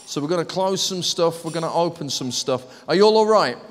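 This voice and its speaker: Lively preacher, high-pitched, story-driven, recorded with a long church-hall echo. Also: male voice, brisk. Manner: animated storytelling, acts out voices and laughs. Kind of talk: lively sermon.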